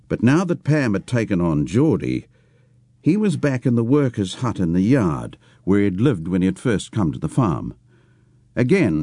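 Deep-voiced man reading a story. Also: a little mellow, no room sound, clean studio sound. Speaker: reader.

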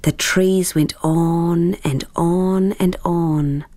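A woman reading a storybook aloud in a measured, hushed way that drops at times into whispers. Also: on the low side, fairly even intonation, dry recording.

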